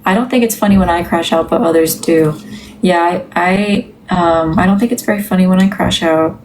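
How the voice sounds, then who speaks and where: A woman's voice: lowish voice, normal speed, darkish tone, a little hiss or hum, poor audio. A woman hosting a casual livestream from home, talking in a candid, rambling way with many restarts. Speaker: livestream host. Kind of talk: casual live-stream chat.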